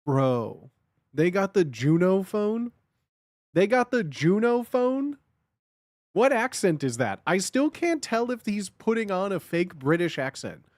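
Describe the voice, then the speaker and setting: An excitable male streamer talks to his chat in slangy, repetitive bursts. His voice sits high and swings widely in pitch. The sound is dry and close, with no room around it. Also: takes it slowly, no echo. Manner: excitable, slangy, repeats himself. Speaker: streamer reacting to videos. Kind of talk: casual reaction commentary.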